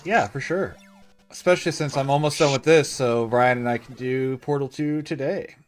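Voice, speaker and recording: A man's voice: mid-range voice, normal speed, soft background music. A young man chatting casually on a livestream as he plays a retro game, reading bits of the game text aloud. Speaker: streamer playing a retro game.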